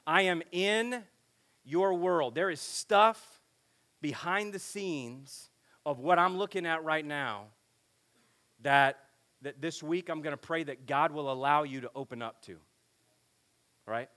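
A middle-aged man preaching to teenagers at a camp in a lively, joking way, acting out talks with his kids. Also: a little high, slow pace, long pauses. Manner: animated, joking, acts out family dialogue. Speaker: pastor speaking at a youth camp. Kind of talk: energetic sermon to teenagers.

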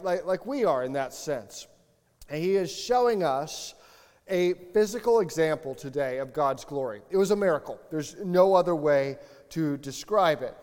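Male pastor, easygoing sermon delivery, self-correcting, a touch high-pitched, in a reverberant sanctuary. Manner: chatty, relaxed, frequent self-corrections and asides. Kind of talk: conversational sermon.

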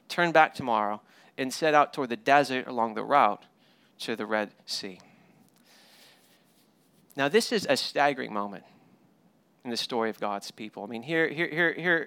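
Bright, lively-voiced male pastor. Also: medium pitch, clean tone, no echo. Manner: animated storytelling with paraphrased dialogue; frequent word repeats and restarts. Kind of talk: sermon.

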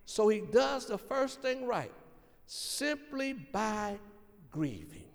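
A man preaches a sermon in a notably high voice. He speaks earnestly and with emphasis, driving his points home by repeating them. A long reverb from a large hall trails each phrase. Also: big pitch swings, slow pace, vocal fry. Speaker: pastor.

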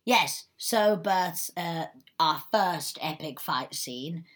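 A woman's voice: deep voice, takes it slowly. A woman in casual film chat, playful and chatty, acting out bits of the scenes. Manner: chatty, playful, acts out characters.

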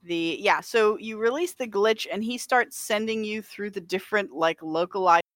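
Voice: mid-range voice, moderate pace, fairly bright tone, no room sound, studio quality. A podcast co-host in casual chat, rambling with many filler words and frequent laughs. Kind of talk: casual chat about a video game.

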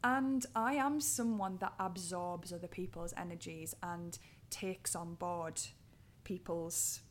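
A woman's voice: on the low side, slow, slight background noise. Chatty Durham woman hosting a podcast. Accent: Durham, North East England. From Durham, England. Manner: chatty and reflective, laughs easily. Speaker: podcast host. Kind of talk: casual conversational podcast chat. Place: her own home.

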